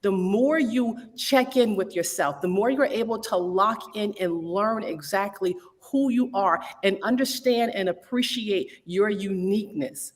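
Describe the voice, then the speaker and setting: A woman who owns a studio, speaking on a panel in a measured, instructive way. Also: medium pitch, big-room sound.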